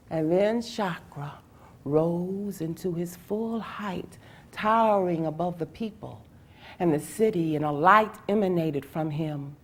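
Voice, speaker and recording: A woman storyteller telling a folk tale in a slow, dramatic way, with long pauses and rhythmic repetition. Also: lowish voice. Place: public library event.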